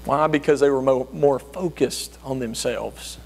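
A man's voice: a little slow, gravelly, a little hiss or hum. A man preaching a sermon who slips into whiny, self-righteous voices for the people he describes. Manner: acts out whiny self-righteous voices, rising high when mimicking.

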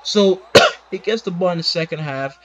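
A man's voice: high voice, moderate pace, dull audio, a crowd in the background. A man giving casual commentary over a replay of his own game, complaining in an exasperated voice and asking rhetorical questions, with plenty of fillers. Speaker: gameplay commentator.

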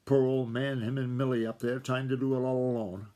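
A hearty, kindly country woman who speaks in plain folksy dialect, as a father reading a book aloud voices her. The voice stays at a middle pitch, close to his own. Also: little pitch movement, a little fast, dark tone, lightly acted.

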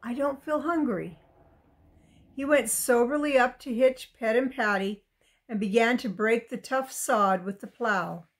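A woman reading a children's chapter book aloud with gentle asides for young listeners. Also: on the high side, measured pace. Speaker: reader.

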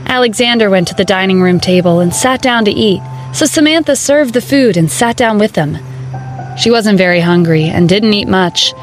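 A woman narrating a romance audiobook in an even, steady storytelling manner. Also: medium pitch, normal speed, soft background music.

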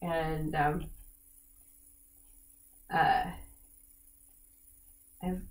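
A woman in her studio giving a live oil painting demonstration, talking in a relaxed, chatty way with many fillers. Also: low-pitched, extremely slow. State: slightly cracky voice. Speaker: painting instructor.

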